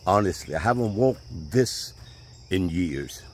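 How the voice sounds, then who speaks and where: With a low-sitting, animated voice and a measured pace, this man chats his way through a casual video tour of his property by a pond. The style is folksy and conversational with a Southern US accent, and faint outdoor noise of birds and insects fills the background.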